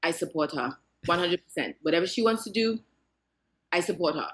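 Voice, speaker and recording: A woman imitating her father, a plain-spoken, supportive man speaking in short, flat statements. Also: fairly low pitch, a little fast, husky. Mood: firm.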